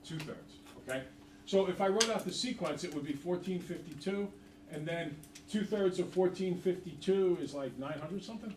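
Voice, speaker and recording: A man teaching math tells a story to his class in a chatty, animated way, his voice sitting a bit high. He is picked up from across an echoey classroom, with faint room noise behind him. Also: normal speed, distant mic. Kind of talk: classroom lecture with stories.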